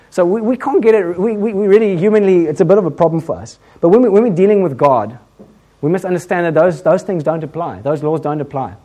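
A male preacher with an English accent delivers a chatty sermon. He talks like he is telling a story to friends, with quick asides and a joking edge. His pitch swings up and down a lot as he goes. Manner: conversational, humorous, animated, with many asides.

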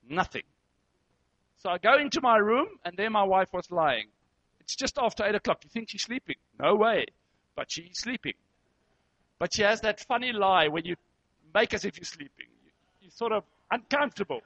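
A man with a high, bright voice tells a story to an audience, acting out lines and noises with animated energy. He speaks as a therapist. The recording is dry and slightly dull, with a lo-fi sound. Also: dry recording. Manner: animated, acts out dialogue and sound effects. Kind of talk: storytelling talk.

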